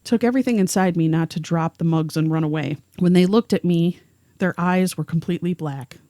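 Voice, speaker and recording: A woman's voice: lowish voice, fairly quick, mellow, no echo, studio quality. A woman co-hosting a podcast, narrating a first-hand story and reading the witness's words aloud. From rural area. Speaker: podcast co-host.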